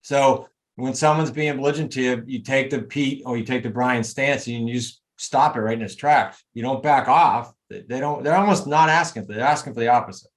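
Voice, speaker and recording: A man coaching a group on a video call, talking in an emphatic, motivational way with quick asides. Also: medium pitch. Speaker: real estate coach.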